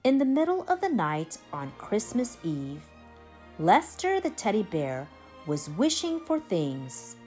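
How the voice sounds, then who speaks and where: Slow, lively woman reading a storybook. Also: on the low side, soft background music. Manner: expressive, slow and lively read-aloud. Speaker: storybook reader. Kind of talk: reading a children's picture book aloud.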